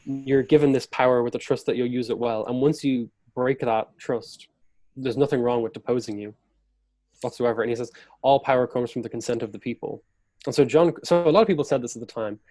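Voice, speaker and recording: Male podcast guest, mid pitch, dry close recording, vivid conversational storyteller who acts out quotes. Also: fairly quick, darkish tone, dry recording.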